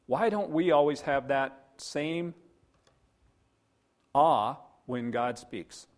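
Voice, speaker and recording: Man, pastor, sermon delivery, earnest storytelling, middle pitch.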